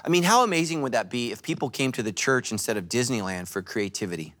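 Lively, joking male pastor preaching. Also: mid-range voice, quick pace. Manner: animated, joking, storytelling preacher. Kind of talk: sermon. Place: church service.

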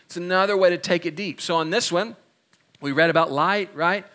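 A man preaching a sermon, earnest and encouraging, slowing down to stress key words. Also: sits high, bright, forceful tone. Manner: earnest, encouraging, leans on slow emphasis. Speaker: pastor.

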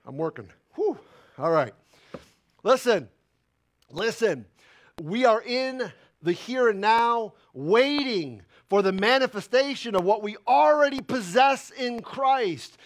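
A male pastor preaching a sermon with fervent bursts of loud emphasis that drop into quiet asides. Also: extremely high pitch. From Italian heritage.

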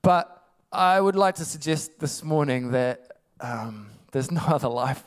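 Chatty, high-voiced male preacher. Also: lively intonation, measured pace. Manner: chatty, laughing often, rhetorical asides. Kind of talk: casual conversational sermon.

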